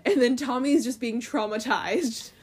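A woman's voice: fairly high pitch, measured pace, breathy edge. A woman in casual chat, retelling a comic's story in a loose, filler-heavy way full of "like" and "um".

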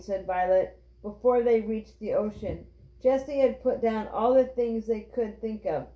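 A woman reading a children's book aloud with clear, steady storytelling. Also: medium pitch, unhurried. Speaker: reader. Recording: roomy, dull lo-fi.

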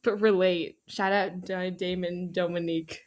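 A woman's voice: on the low side, flat delivery, unhurried. A young woman co-hosting a podcast over a video call, playful and rambling, laughing often. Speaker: podcast co-host. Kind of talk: casual chat.

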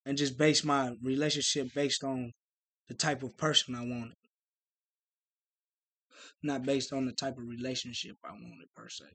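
A man's voice: medium pitch, moderate pace, long pauses, no room sound. Blunt, profane podcast co-host man. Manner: blunt, profane, animated storytelling. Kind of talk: casual chat.

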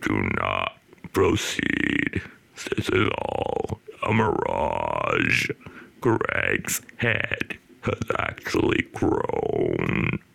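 A man doing an impression of a menacing male video game villain, speaking on an in-breath so his voice comes out rasping and airy, slow and ominous. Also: extremely low pitch, huge pitch swings, a bit bright, voice pushed down, exaggerated voice. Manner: slow, drawn-out, ominous delivery.

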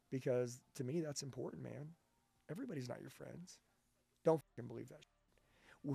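Male sales trainer, gravelly and husky, blunt and profane, fired-up delivery. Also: medium pitch, dark tone, dry recording. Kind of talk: intense motivational interview talk.

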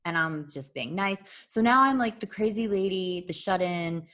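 A woman telling a long story in casual chat, animated, swearing freely and laughing often. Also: on the low side, normal speed.

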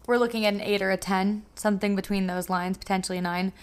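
A young woman hosting a casual solo podcast, handing out quick, wry, deadpan verdicts. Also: mid-range voice, smooth. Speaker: podcast host. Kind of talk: casual solo podcast, rating listener submissions.

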